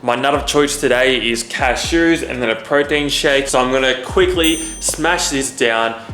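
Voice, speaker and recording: A man's voice: mid-range voice, a little slow, bright, forceful tone, faint music behind. A young man, chatting through his day in a casual, jokey fitness vlog. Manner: jokey, chatty, self-deprecating. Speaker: fitness YouTuber. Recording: echoey room, faint background noise.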